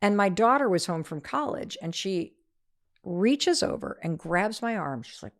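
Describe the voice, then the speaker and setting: Energetic gravelly-voiced middle-aged woman. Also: mid-range voice, normal speed. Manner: energetic, acts out quoted voices. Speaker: author and podcast guest. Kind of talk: animated storytelling in an interview.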